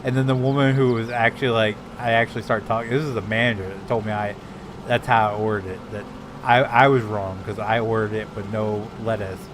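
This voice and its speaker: A man telling a story in casual chat between games, halting and repeating his words. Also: fairly low pitch, steady tone, noisy background. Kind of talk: casual chat while gaming.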